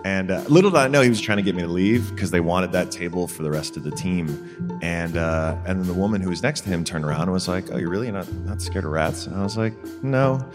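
A man's voice: sits low, fast talker, over music. A man from Brooklyn, a guest telling a story in a casual, joking way. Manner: joking, animated.

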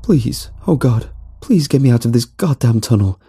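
A man's voice: mid-range voice, expressive, moderate pace, warm tone, husky, pitched above the performer's own voice. A man doing a frantic, pleading trapped man. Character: terrified man trapped floating in a tunnel.

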